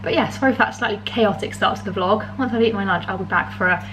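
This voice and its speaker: A young woman with a British accent talks to camera at home in a loose, rambling way, full of fillers, asides and easy laughs. Her voice sits at an ordinary mid pitch, with faint background noise in the room. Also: fast. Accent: British English. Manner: rambling, chatty, many ums and likes, laughs often. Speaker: vlogger. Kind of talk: casual chatty vlog.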